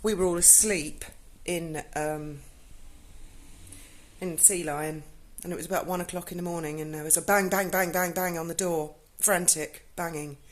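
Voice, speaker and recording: A woman's voice: on the low side, steady tone, normal speed, slight background noise. A woman, telling a personal story in casual speech, emotional and blunt and swearing freely.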